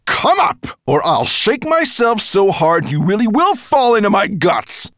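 A man's voice: high-pitched, sing-song, measured pace, a bit bright, no echo, clean studio sound, pitched above the performer's own voice, heavily acted. A man reading an audiobook, voicing a huge, furious golden dragon who bellows threats. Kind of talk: audiobook character voice.

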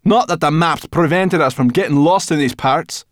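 A plucky young brownie girl, as a reader puts her on, bold and direct in the way she speaks. Her voice sits noticeably higher than a plain reading voice and carries loud, eager calls. The storybook recording is dry and close. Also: moderate pace, no room sound, close to an everyday voice. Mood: matter-of-fact. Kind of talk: audiobook character voice.

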